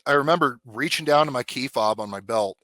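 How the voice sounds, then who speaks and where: A man's voice: medium pitch, a little fast, no echo. Blunt, profane man telling a story. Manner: blunt, profane, animated retelling. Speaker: guest, former police officer. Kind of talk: casual storytelling.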